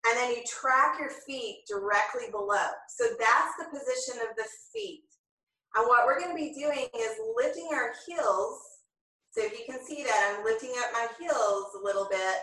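A woman teaching a yoga class, calmly and slowly cueing each breath and movement. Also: a little high. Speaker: yoga instructor. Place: home room, filmed on own camera. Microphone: camera mic at a distance. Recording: very echoey room, voice far from the mic.

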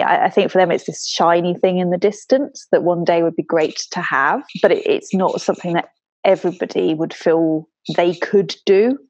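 A woman with a fairly low voice, recorded dry and close. She is a chatty guest on a podcast panel who laughs easily as she talks. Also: darkish tone, no echo, highs cut off. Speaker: podcast guest, internal communications professional. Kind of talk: casual panel discussion.

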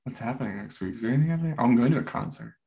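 A man with a mid-range voice joins a casual podcast chat, relaxed and quick to laugh. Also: mid-range voice. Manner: laid-back, laughs often.

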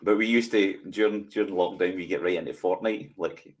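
A man's voice: deep voice, fairly quick. A Scottish man in his forties co-hosting a podcast, chatting in self-mocking banter. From Scotland. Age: 40s. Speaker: podcast co-host. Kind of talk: casual chat.

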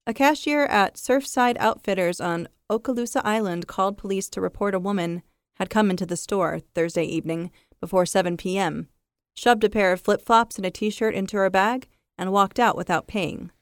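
A woman's voice: medium pitch, smooth, dry recording. Giggly woman reading news, dry sound. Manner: giggly, quick to laugh. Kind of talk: casual chat, reading a news story.

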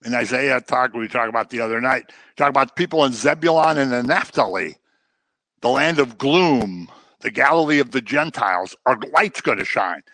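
A middle-aged man preaching a sermon, lively and dramatic, slipping into the voices of the people he describes. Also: medium pitch, normal speed, no echo. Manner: animated, acts out voices of people he quotes. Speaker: pastor.

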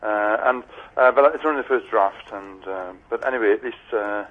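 Husky hesitant man on radio. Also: on the low side, normal speed, narrow, tinny audio. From Tyneside, England. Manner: hesitant, many ums and uhs. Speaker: author and studio guest.

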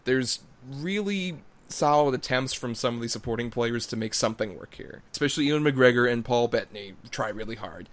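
A man reviewing a film on a podcast in casual, blunt chat. He swears freely and laughs as he goes, at a middle pitch for a man. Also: animated, fairly quick, few pauses. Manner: blunt, profane, laughs often. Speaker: podcast co-host.

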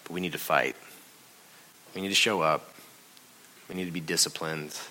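A man giving a conversational, confessional sermon as a pastor, dropping to a hush and rising loud while telling a story. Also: low voice, fairly even intonation, normal speed, rough recording.

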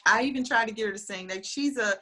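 Speaking fast in a slightly high voice, a woman recounts funny stories in casual conversation. Lively and animated, she acts out each quoted voice.

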